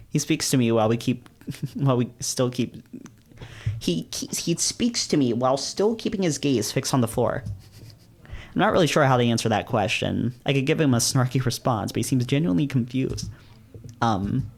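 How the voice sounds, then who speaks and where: A man reading a visual novel aloud in the first person, breaking off into casual, swearing, laughing commentary. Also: medium pitch. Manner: casual, swears and laughs, quick animated reactions.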